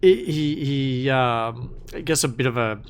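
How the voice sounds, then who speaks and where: A man's voice: medium pitch, measured pace, clear, resonant tone. A man narrating a tabletop game as game master, in a casual way with frequent restarts. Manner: casual, many restarts and fillers.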